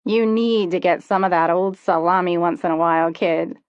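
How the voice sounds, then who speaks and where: A woman voicing a brash, crude teenage girl who teases loudly and bluntly, on a dull, lo-fi recording. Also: fairly low pitch, normal speed, clear, resonant tone, dry recording, natural voice. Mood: pushy. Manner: loud, teasing, blunt.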